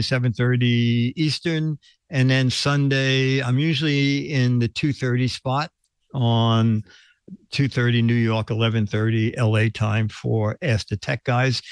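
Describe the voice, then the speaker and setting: A man's voice: mid-range voice, smooth, no echo. A man hosting a casual live-stream show, telling stories in a rambling way, chuckling often and restarting his sentences. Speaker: show host.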